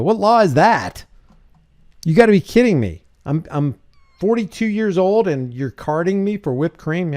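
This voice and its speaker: A man hosting a casual commentary video, sarcastic and quick to laugh. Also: a little high, very animated, mellow, no room sound, clean studio sound. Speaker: host.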